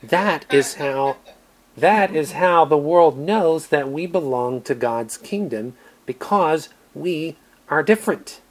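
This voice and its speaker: A man's voice: a little high, lively intonation, slow pace. Earnest American man preaching. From United States. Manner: earnest, varies volume from emphatic to quiet. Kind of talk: sermon.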